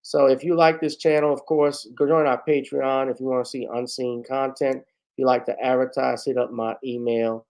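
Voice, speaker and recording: Mellow-voiced man hosting a rambling talk show. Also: mid-range voice, little pitch movement, normal speed. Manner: rambling, chatty, with many asides. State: losing his voice. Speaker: host. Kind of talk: casual solo talk show.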